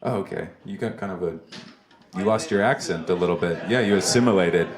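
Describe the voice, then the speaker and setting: On a comedy club basement stage, a male stand-up with a deep voice and brisk delivery rambles through self-deprecating material, chatting with the crowd between jokes as the audience laughs.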